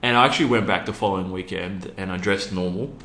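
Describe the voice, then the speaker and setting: A man's voice: low-pitched, fairly even intonation, fast talker, pushed and bright, roomy sound. A man with an Australian accent speaking in an interview, earnestly telling a personal story with many ums. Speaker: interview guest, youth program founder.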